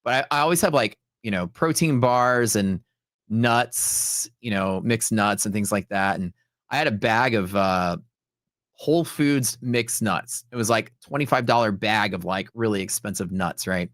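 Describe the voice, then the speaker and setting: A man's voice: lowish voice, unhurried, fairly bright tone, dry recording, clean studio sound. A man hosting a live trading stream, telling rambling stories in a casual, chatty way with lots of "like" and "dude". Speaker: livestream host and futures trader.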